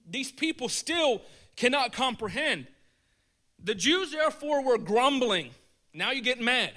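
A man preaching a casual, animated sermon in a colloquial way, chuckling as he goes. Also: extremely high pitch.

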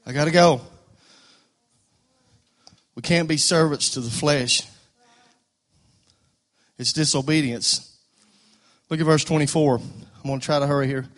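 Fervent high-voiced preacher. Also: male voice. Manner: fervent, repetitive stammering restarts, rising to loud declarations. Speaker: pastor. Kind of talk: sermon.

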